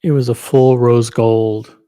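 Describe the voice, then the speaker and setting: A man's voice: mid-range voice, fairly even intonation, slow, mellow, clear, resonant tone. A man hosting a casual livestream, talking straight to viewers in an upbeat way. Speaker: livestream host.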